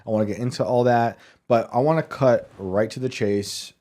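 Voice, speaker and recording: A man hosting a podcast, chatting casually and laughing as he fires off quick follow-up questions. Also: mid-range voice, dark tone. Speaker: podcast host. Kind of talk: casual interview chat.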